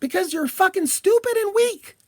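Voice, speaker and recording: Woman vlogger, very high-pitched, heated profane rant, dry close sound. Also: lively intonation, normal speed, dry recording. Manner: profane, heated, shouting at times. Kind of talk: angry political rant.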